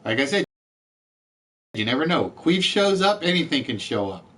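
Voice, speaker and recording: A man's voice: on the high side, very animated, moderate pace, a bit bright. A man hosting a live-streamed word game show, chatty, reading out letters and scores and joking with the players.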